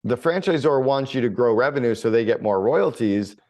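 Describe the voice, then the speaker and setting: A middle-aged man, a guest on a business podcast, telling stories in a blunt, energetic and casual way, with plenty of swearing. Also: mid-range voice, fairly quick. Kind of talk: casual conversational interview.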